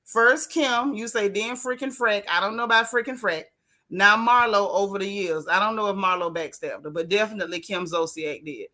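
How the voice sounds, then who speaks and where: A woman hosting a casual live stream, reacting to a reality TV reunion and reading viewer chats aloud, chatty and blunt with relaxed colloquial grammar. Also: medium pitch, moderate pace. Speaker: host of a reality TV recap channel.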